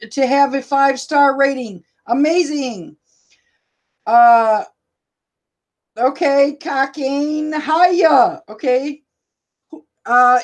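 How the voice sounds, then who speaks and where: A middle-aged woman hosting a casual livestream, loud and laughing often as she reads viewer comments. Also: high-pitched. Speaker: livestream host and rideshare driver.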